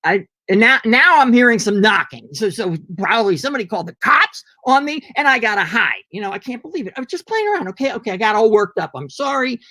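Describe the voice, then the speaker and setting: A man's voice: sits high, sing-song, fast, hardly any pauses, pushed and bright, dry recording. A man performing an agitated, profane comic rant alone at home into his laptop on a video call. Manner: agitated, profane, ranting to the camera. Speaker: monologue performer.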